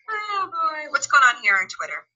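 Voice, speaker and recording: A woman chatting casually on a live stream from her phone, talkative and animated, breaking into quick exclamations and giggles. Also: high voice, dull audio. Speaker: actress live-streaming while watching her show.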